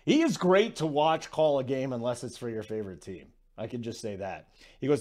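A man hosting a sports betting radio show, talking casually with quick asides and self-deprecating jokes. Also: mid-range voice, expressive, a little mellow.

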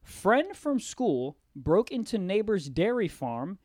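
Excitable high-voiced man, loud and laughing. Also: slow, no room sound, clean studio sound. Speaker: podcast co-host. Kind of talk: crude comedic banter.

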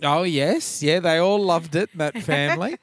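A man's voice: fairly high pitch, a little slow. An Australian man co-hosting a podcast, telling rambling, sweary anecdotes in casual chat. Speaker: podcast co-host.

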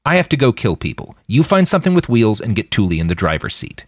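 A brash post-human fighter, played by a male narrator in an audiobook, crude and oddly cheerful amid carnage. He barks orders with loud, sardonic swoops of pitch, bossy and dismissive. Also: sing-song, fast, no echo, studio quality. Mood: cheery.

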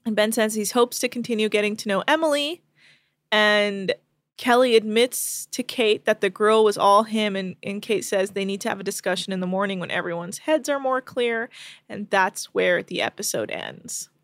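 A woman hosting a podcast, recapping a show in a chatty, rapid storytelling way with plenty of fillers, close to the mic. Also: medium pitch, no room sound. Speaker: podcast host.

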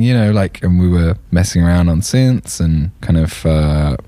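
Young male musician guest, deep voice, loose rambling talk, dry close studio mic. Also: a little fast, few pauses, warm tone, dry recording. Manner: rambling, many fillers and restarts. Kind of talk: casual interview chat. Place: radio studio.

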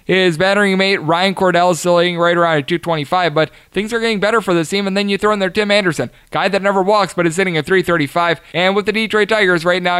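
A man hosts a sports betting show, firing off statistics and odds at speed with emphatic punches. His voice sits a bit high for a man, smooth and clear, recorded dry and close with no room sound. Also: fairly bright tone, dry recording. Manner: rattles off stats quickly, emphatic. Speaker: sports betting podcast host. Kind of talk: fast scripted-style sports betting analysis.

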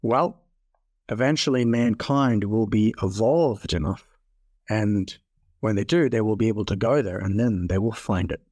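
Calm kind god voice, a guy narrating a parable, soft and patient, dry sound. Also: fairly low pitch, a little slow, no echo. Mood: compassionate. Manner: calm, patient, softly spoken. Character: gentle, compassionate wise God in a parable.

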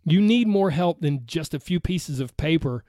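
A man with a Southern accent delivers an earnest, chatty podcast monologue as a coach. His voice sits high for a man, and it is recorded dry and close with no room around it. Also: expressive, moderate pace, mellow, no room sound. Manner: earnest, conversational, frequent "right?". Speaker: podcast host and weight-loss coach.

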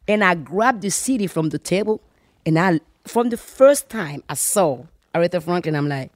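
A woman from Congo telling a lively personal story in casual chat, laughing often and acting out voices. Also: lowish voice, normal speed, no echo, studio quality. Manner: animated, laughing, acts out voices in anecdotes. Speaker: guest.

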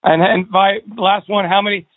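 A male radio host puts short, conversational questions to his guest. His voice sits a little high. The sound is dry and thin, like a phone line. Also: flat delivery, normal speed, no room sound.

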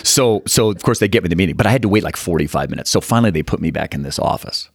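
A man in his fifties from Utah, telling animated stories as a guest in an interview and acting out the people in them. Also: low-pitched, racing, slightly rough, no room sound, clean studio sound. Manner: animated, acts out quotes in the story. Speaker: guest, fund manager. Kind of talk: storytelling interview.

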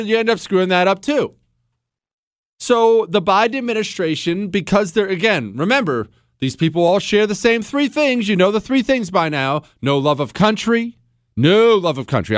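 A man's voice: fairly high pitch, no room sound, studio quality. A man hosting a talk radio show, giving a sarcastic, theatrical monologue.

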